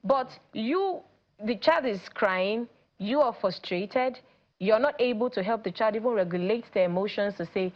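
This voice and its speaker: Nigerian woman, parenting coach on a talk show, animated, quotes people in voices, a bit dull sound. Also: a little high, normal speed. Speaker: teen coach guest. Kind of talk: studio talk show conversation.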